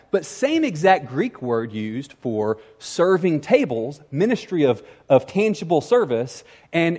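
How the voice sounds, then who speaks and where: A man preaching a sermon as pastor, animated and acting out quoted voices. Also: on the high side.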